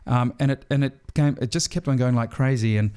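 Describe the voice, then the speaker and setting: Telling stories as a guest on a podcast, this middle-aged Australian stage entertainer has a medium-pitched voice that runs a little fast, recorded with a clean tone. He's a lively narrator who keeps restarting and leaning on fillers.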